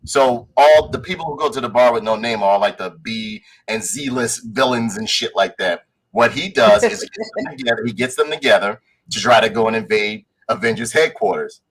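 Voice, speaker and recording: Male podcast co-host, mid pitch, animated storyteller who acts out lines and swears casually. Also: a little fast, a little hiss or hum, poor audio. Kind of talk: casual chat reviewing a show.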